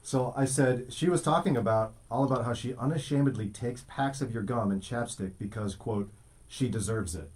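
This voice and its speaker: Husky-voiced man hosting a morning show. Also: mid-range voice, moderate pace, a little mellow. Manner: teasing, storytelling. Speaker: host. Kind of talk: casual morning show banter.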